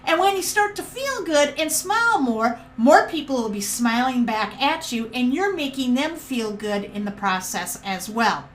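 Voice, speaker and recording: A woman's voice: high-pitched, lively intonation, a little slow, few pauses. A woman hosting a podcast, giving an upbeat and encouraging motivational lesson on leadership. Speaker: podcast host teaching leadership.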